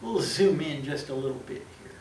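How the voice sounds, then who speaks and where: A man teaching calculus with plenty of playful energy, acting out small scenes and catching his own slips as he goes. He sounds a few steps back from the mic, in an echoey room with a faint steady hum behind him. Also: fairly high pitch, normal speed, distant mic. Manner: lively, acts out little scenes, self-correcting. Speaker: math teacher. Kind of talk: calculus lecture at a board.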